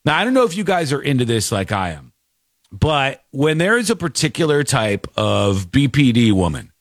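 A man's voice: medium pitch, sing-song, moderate pace, no echo, studio quality. A man telling a story in casual chat, acting out the people in it with shifting voices. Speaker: podcast host.

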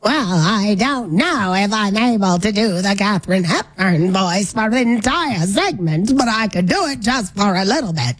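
A woman's voice: mid-range voice, animated, moderate pace, hardly any pauses, lightly acted. A woman doing an impression of an old-time female film star, with a quavering, clipped upper-class delivery. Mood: playful.

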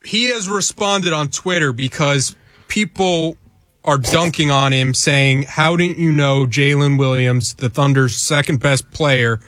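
A slightly higher-voiced man on a sports talk show, choosing his words carefully and hedging his opinions. His voice sounds dry and close to the mic. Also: unhurried, fairly bright tone, dry recording. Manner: careful, hedging, reads out quotes. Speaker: sports radio co-host.

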